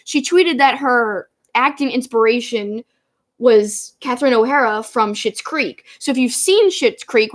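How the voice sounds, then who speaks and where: Chatty higher-voiced woman co-host. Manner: chatty and animated, drifts into tangents. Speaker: wrestling show co-host. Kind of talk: casual review chat.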